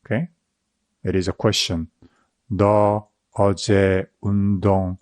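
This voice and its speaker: Male language teacher, native Korean speaker, lowish voice, unhurried, dry close sound. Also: level tone, darkish tone, no echo. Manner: checks in with "okay?" after each example. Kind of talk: slow explanatory lesson.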